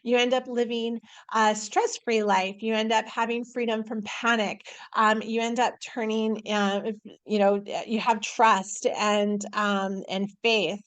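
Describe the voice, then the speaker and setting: A woman's voice: a little high, level tone, a little slow, hardly any pauses, fairly bright tone, clear, resonant tone. A woman working as an intuitive life coach, talking at home in a casual live video, upbeat and rambling, with many restarts and fillers.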